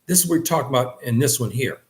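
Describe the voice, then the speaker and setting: Earnest male teacher giving a faith lesson, mid-pitched voice, repeats himself and lifts pitch for emphasis. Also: expressive, fast talker. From West Africa. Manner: earnest, repeats phrases, pitch rises on key points. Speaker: religious teacher. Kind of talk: lecture.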